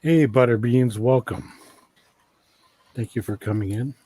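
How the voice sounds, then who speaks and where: A man's voice: medium pitch, a little slow, mellow, no room sound. A man chatting as a co-host on a live stream, wisecracking and offhand, speaking from further away from the mic. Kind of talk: casual chat.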